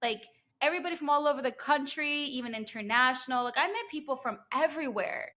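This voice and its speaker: A young woman from New Jersey with a New Jersey accent, hosting a podcast and telling stories in an animated way, full of "like"s and quick laughing asides. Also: high-pitched. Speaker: podcast host. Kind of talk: casual interview chat.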